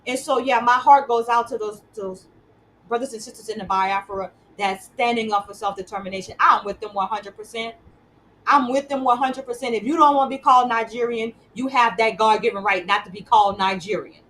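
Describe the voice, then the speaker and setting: A woman's voice: on the high side, fairly even intonation, brisk, fairly bright tone, slight background noise, rough recording. A woman hosting an interview show, talking conversationally and repeating words as she builds her points. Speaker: host.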